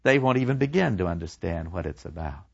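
A male lecturer retelling a story in an animated way, acting out the people in it. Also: sits low, brisk, creaky, slightly rough, no room sound. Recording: dull lo-fi dry recording.

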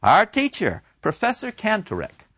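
A man giving an animated lecture, retelling a novel and acting out the characters' dialogue with dramatic flair. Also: sits high, normal speed, slightly rough, dry recording. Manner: dramatic storyteller who acts out the characters' dialogue. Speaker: literature lecturer. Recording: dull, dry lo-fi recording.

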